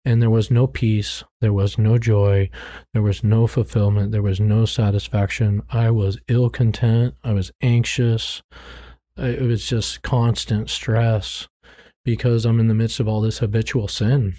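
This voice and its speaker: A man's voice: lowish voice, flat delivery, a little slow, mellow, no echo, studio quality. A middle-aged man telling his story in an earnest, frank way, often repeating words as he searches for them. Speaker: guest, former drug dealer turned ministry worker. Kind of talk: candid testimony in conversation.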